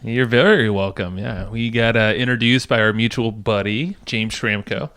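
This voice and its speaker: A man co-hosting a podcast in a casual chat, relaxed and chatty, often laughing. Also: fairly low pitch, moderate pace, clean tone. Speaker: podcast co-host.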